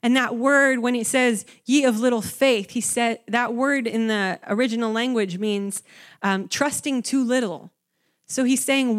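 Young woman preacher, slightly high voice, lively conversational sermon delivery. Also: a little slow. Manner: animated, conversational, acts out the disciples with rising pitch.

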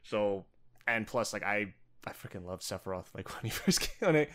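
A man with a New Jersey accent co-hosting a casual podcast chat, animated and joking, laughing often and swearing casually. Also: on the low side, moderate pace. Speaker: podcast co-host.

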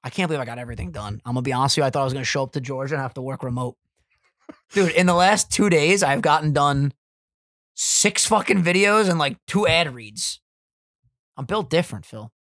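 A young man co-hosting a podcast, casual and profane, quick with jokes and bits. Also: on the high side, animated, fairly bright tone, no echo, studio quality. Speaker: podcast co-host.

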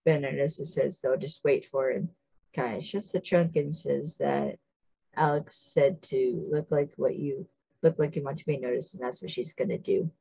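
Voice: mid-range voice, steady tone, normal speed, gravelly, mellow, slightly rough, no echo, highs cut off. A podcast host giving a casual, chatty recap of a TV episode, full of fillers and acted-out quotes.

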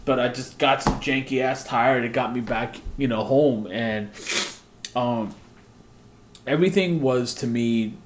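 A man from Brooklyn casually telling a road-trip story, rambling and animated, swearing freely and acting out quotes. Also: mid-range voice, a little slow, a little hiss or hum.

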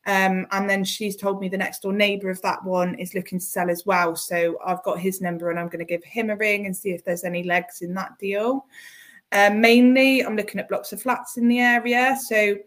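A woman's voice: medium pitch, flat delivery, normal speed. A woman, a property investor being interviewed, chatty and laughing often as she tells stories. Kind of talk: casual interview chat.

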